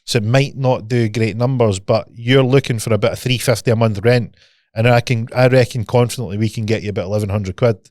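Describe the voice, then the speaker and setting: A Scottish man co-hosts a casual podcast chat. He tells stories with lots of swearing and acts out the back-and-forth of conversations. His voice sits at an ordinary pitch and sounds close and dry. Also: fairly quick, dry recording. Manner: animated storyteller, swears freely, acts out dialogue. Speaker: podcast co-host.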